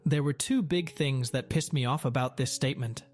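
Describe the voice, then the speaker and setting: A young man tells an online story in a dry, matter-of-fact voice at an ordinary middle pitch. His delivery has a sardonic edge. Soft music plays quietly underneath. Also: moderate pace. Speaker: narrator.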